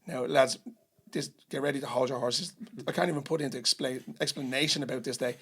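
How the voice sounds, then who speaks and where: Gravelly Irishman telling a story. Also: medium pitch, brisk. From Ireland. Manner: lively storyteller, acts out others' voices, swears freely. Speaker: podcast guest. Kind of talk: storytelling in casual chat.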